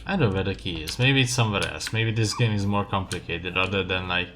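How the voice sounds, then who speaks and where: A young man streaming a game, casually muttering his thoughts aloud in a relaxed way. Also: low voice, quick pace, few pauses, faint music behind. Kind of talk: casual gameplay commentary. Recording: loud keyboard typing and clicks.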